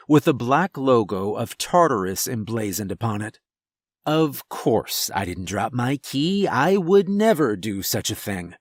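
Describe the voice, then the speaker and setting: Slow, tense male horror narrator. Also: mid-range voice, no echo, clean studio sound. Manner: tense first-person storytelling. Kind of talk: scripted horror story narration.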